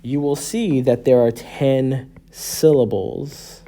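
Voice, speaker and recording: Slow and mellow, this thirty-something man's medium-pitched voice holds a steady tone as he teaches. In this classroom lecture he explains things patiently, frequently pausing to ask "okay?" or "right?"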